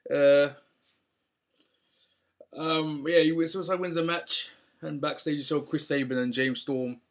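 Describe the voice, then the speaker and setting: A man's voice: fairly high pitch, fairly even intonation, measured pace. Rambling young guy. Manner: rambling, many ums and restarts. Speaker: wrestling show reviewer. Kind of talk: casual recap.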